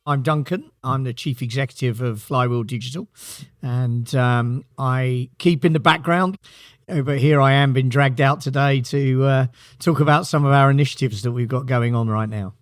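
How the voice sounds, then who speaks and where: A man's voice: medium pitch, steady tone, normal speed, no echo. A middle-aged British man, a company chief executive, answering interview questions with dry, understated humor. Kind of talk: podcast interview guest.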